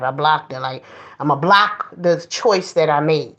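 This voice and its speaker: A woman's voice: low-pitched, normal speed, a bit bright, lo-fi sound. A woman host giving a blunt, preachy commentary monologue, mocking others in put-on voices.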